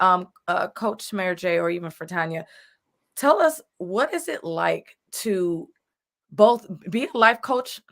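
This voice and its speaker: Affirming woman host, low pitch, gravelly edge. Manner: affirming, encouraging listener. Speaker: talk show host. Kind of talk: live chat interview.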